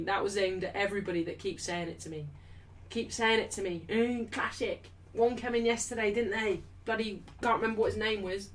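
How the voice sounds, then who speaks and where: Young English woman host, brash and sweary, bright forceful voice, slightly off-mic. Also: medium pitch, far from the mic. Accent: English, not Mancunian. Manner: blunt, swears freely, loud and defensive, then apologetic. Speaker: livestream host of a football watchalong. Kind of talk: casual live chat reading super chats.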